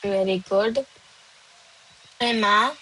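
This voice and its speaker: A woman's voice: medium pitch, extremely slow, pushed and bright, rough recording. A woman, not a native French speaker, teaching a live online French class. She switches between English and French and calls on students by name from the chat.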